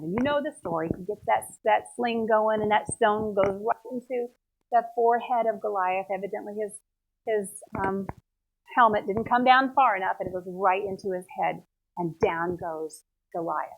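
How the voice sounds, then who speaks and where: A woman teaching a Bible lesson, retelling the story in a lively, conversational way. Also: medium pitch, normal speed, creaky. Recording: tinny phone-like sound.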